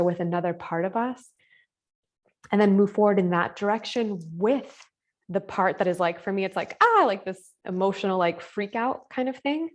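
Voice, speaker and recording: A woman with a mid-range voice is teaching a spiritual masterclass live online via video call. Her delivery is soft and informal, with plenty of filler words.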